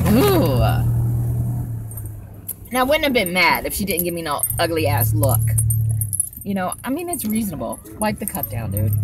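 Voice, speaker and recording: A woman's voice: lowish voice, heavy background noise. A woman chatting casually in a vlog, rambling and swearing freely while sitting in her car at a drive-through. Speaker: vlogger.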